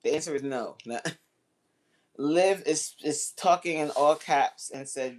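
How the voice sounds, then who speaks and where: A woman's voice: deep voice, expressive, takes it slowly, darkish tone. A woman hosting a casual livestream, reading out chat comments and bantering back in a playful, teasing way.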